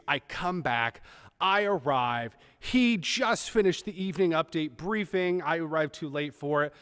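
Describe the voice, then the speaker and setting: A man's voice: on the high side, a bit bright, smooth, big-room sound. A man in his thirties from California, telling a humorous, self-deprecating personal story at a church service.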